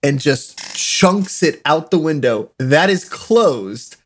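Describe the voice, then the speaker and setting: A young man telling animated stories in a casual chat, laughing often. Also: on the high side, slow pace, slight background noise. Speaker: podcast co-host.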